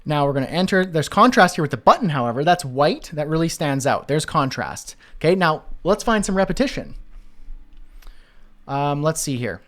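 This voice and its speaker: A man's voice: on the high side, sing-song, moderate pace, a bit bright. A man teaching web design, talking casually through a screen-share walkthrough and thinking aloud with fillers and restarts.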